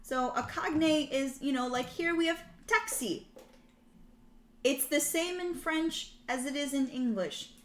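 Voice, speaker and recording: In a high voice, a little slow, a woman chats casually while streaming her language study, reading out prompts, translating them, and catching her own errors. The recording is echoey with background noise, including typing and keyboard clicks.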